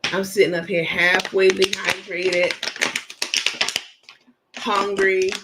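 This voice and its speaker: A man's voice: sits high, level tone, slow pace, heavy background noise. A man hosting a casual livestream, chatting loosely and reading viewer comments aloud with plenty of fillers. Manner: chatty, rambling, many fillers. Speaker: livestream host.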